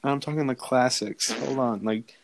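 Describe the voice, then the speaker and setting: A young man of middle pitch chatting casually with a friend. He is insistent and teasing, and he tells his stories with quoted back-and-forth. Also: normal speed, a crowd in the background, poor audio. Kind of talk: casual chat.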